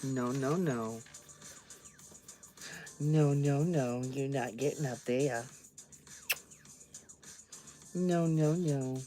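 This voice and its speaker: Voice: medium pitch, takes it slowly, dark tone, soft background music. A vlogger chatting casually on a livestream while customizing dolls, playfully scolding a cat.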